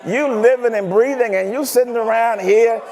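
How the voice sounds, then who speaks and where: High-voiced preacher in an echoing church. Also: male voice, moderate pace, muffled recording. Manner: animated, teasing preaching with rhetorical questions. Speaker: pastor. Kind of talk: sermon. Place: church sanctuary.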